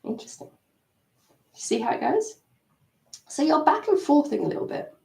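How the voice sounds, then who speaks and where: A woman coaching an EFT tapping session on a live stream, animated and acting out her inner self-talk. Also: high voice, normal speed, vocal fry. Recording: roomy sound, mic at a distance.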